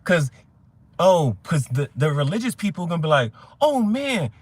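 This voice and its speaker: A man's voice: on the high side, animated, normal speed. A young adult man hosting a tarot reading chat, talking in a rambling, profane way and telling stories with quoted voices. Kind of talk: casual livestream chat.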